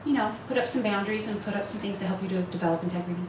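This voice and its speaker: A woman's voice: medium pitch, rapid-fire. A woman in her fifties speaking candidly to a women's retreat, laughing often and poking fun at herself. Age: 50s. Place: retreat meeting room. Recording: echoey room, far mic, noisy.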